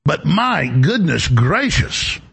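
Gravelly, lively-voiced male talk host. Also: on the high side, slow pace. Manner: emphatic, rambling, repeats words when ranting. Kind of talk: political talk monologue.

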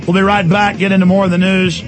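A man hosting a talk radio show, ranting angrily, repeating himself and shouting. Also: high voice, flat delivery, quick pace, over music. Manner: shouting, indignant, repetitive. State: agitated. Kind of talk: angry talk radio rant.

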